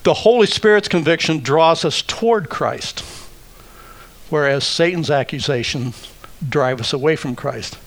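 Slow, deliberate male preacher. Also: a little high. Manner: deliberate, emphatic, wry asides. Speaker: pastor. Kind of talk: sermon.

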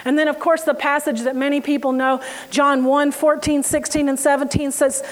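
A woman giving a conversational sermon, animated and quick to laugh as she tells stories, slowing down to read scripture. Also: high voice, rough recording. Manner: animated, laughing storyteller who reads scripture slowly. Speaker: Bible teacher.

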